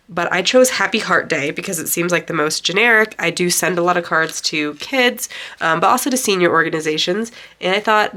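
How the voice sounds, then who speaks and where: A woman with a stuffy, nasal voice from a lingering cold talks through a home craft tutorial. Her tone is bright and forward, a little low-pitched for a woman. She chats loosely and fills pauses with "um" as she works. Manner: chatty, rambling with fillers. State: congested, sick nasal voice. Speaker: craft channel host. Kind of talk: casual craft tutorial narration.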